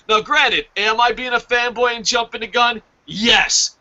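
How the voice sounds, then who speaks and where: A man reviewing wrestling in a casual chat, ranting excitably and swearing as a fanboy. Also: high-pitched, normal speed, highs cut off. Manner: excitable, profane, rambling fanboy rant.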